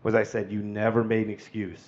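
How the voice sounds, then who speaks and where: A man's voice: fairly low pitch, little pitch movement, fairly quick, darkish tone, dull audio. Firefighter guy talking straight, earnest and emphatic, casual podcast chat. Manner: earnest, emphatic, acts out quoted voices. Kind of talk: casual chat, mentoring advice.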